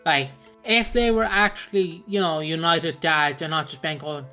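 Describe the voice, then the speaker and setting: A man with a high voice chats casually over a video call, swearing freely and slipping into quick impressions of the people he talks about. Faint music sits behind him. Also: fairly even intonation, pushed and bright. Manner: sweary, mimics characters in bursts. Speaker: podcast co-host.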